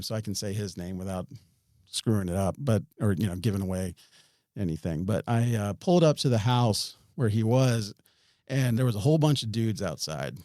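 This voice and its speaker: Mellow-voiced man telling a rambling story. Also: lowish voice, no room sound, clean studio sound. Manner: rambling, frequent restarts and chuckles. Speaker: podcast guest. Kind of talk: storytelling in an interview.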